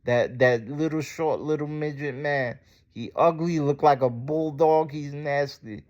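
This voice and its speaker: A man's voice: fairly high pitch, fairly even intonation, unhurried, a little mellow, muffled recording. A man ranting in a casual vlog, heated, profane and indignant. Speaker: vlogger. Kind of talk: angry casual rant to camera.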